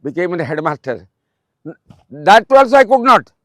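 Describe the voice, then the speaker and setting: A man in his eighties with an Odia accent, a retired principal giving a fatherly, repetitive motivational speech to students, pausing often with um. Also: high-pitched, very animated, no echo. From Odisha, India. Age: 80s.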